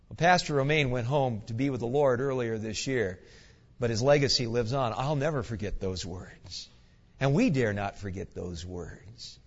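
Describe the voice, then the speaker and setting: A male guest pastor preaching a sermon, an animated, earnest storyteller with folksy asides. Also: medium pitch, moderate pace. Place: church sanctuary. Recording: dull echoey church hall recording.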